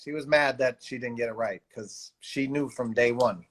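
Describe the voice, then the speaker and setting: A man's voice: mid-range voice, moderate pace, a crowd in the background. A man in a casual video-call chat, easygoing and self-deprecating. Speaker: guest.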